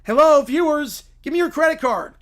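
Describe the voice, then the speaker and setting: A man doing a shrill bratty princess streamer. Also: expressive, normal speed, a bit bright. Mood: whiny. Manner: petulant, demanding, shrill whining. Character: bratty whiny young male streamer calling himself princess. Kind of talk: comic skit read aloud on a livestream.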